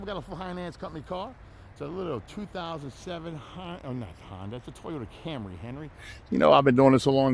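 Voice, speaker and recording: A man, running a folksy, loud, hard-selling walkthrough of his used car lot outdoors. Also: mid-range voice, slight background noise. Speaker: used car dealership owner.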